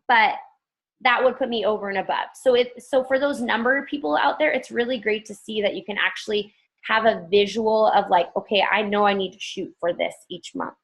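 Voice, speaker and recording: Gravelly-voiced woman in casual training talk. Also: a little high, a bit bright. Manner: chatty, upbeat, self-joking. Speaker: team trainer.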